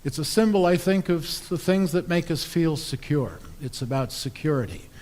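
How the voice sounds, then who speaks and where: A man's voice: a little high, moderate pace, darkish tone. A man, an Episcopal priest, preaching a sermon in a conversational, wry storytelling way.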